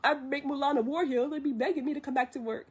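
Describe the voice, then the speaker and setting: A woman voicing a small, boastful, wisecracking male dragon while retelling a film from memory. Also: close to an everyday voice. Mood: excitable. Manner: fast joking bravado, high excitable voice.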